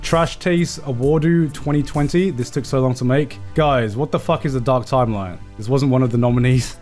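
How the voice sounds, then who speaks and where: A man's voice: medium pitch, moderate pace, darkish tone, faint music behind. A man streaming live, reacting to fan-made edits in a casual, incredulous way, swearing and laughing often.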